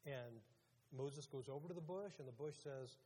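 A man's voice: mid-range voice, moderate pace, warm tone, husky. A man preaching a casual, conversational sermon as pastor, putting questions to his audience. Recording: long hall reverb.

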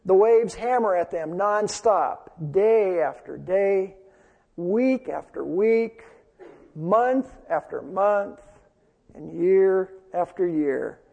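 A man's voice: high-pitched, slow, vocal fry, a little mellow, big-room sound, lo-fi sound. A man preaching a sermon as pastor, telling a story earnestly and repeating phrases for emphasis.

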